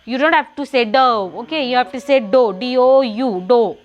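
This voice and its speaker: A woman with a Marathi accent leads a classroom lesson, repeating the same questions and spelling words out letter by letter. Her voice is high and brisk, and the recording sounds muffled.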